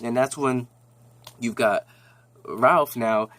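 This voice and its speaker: A man's voice: medium pitch, slow, a bit bright. A man casually recapping a TV episode in a rambling, slangy way with lots of restarts.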